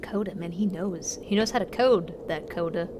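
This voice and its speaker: A woman streaming a game live, chatty and rambling, thinking out loud and easily moved. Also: on the low side, normal speed, noisy background. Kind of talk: live gameplay commentary.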